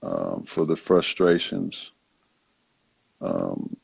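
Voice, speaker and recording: Deep gravelly guy, kinda raspy, stops and restarts a lot, dry sound. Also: sing-song, dry recording. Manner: halting, full of fillers and restarts. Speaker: host. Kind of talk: casual reflective talk.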